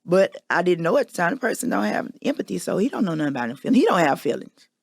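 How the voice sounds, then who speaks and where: Woman host, candid confessional monologue, gravelly tone, dry close recording. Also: fairly low pitch, very animated, fast, a little mellow, no echo. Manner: candid, emphatic storytelling. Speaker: podcast host.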